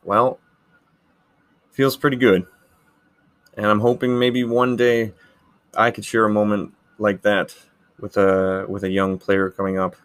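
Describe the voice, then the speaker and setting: A man's voice: lowish voice, level tone, a little slow, pauses often, fairly bright tone, smooth. A man in his thirties who hosts a podcast, telling a story in a casual, rambling way with lots of filler words. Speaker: podcast host, handball goalkeeper.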